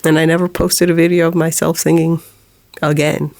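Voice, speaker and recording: A woman's voice: deep voice, level tone, moderate pace, creaky, a little mellow. A woman who runs a small video channel, talking candidly to her camera at home, rambling, swearing and sometimes dropping to a whisper. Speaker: small YouTube creator. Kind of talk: personal confessional vlog.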